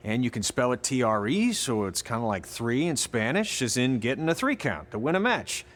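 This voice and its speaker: A man's voice: mid-range voice, very animated, moderate pace, fairly bright tone. An actor voicing a sardonic veteran male wrestling trainer who teases his students. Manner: sarcastic, teasing. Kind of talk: video game cutscene acting.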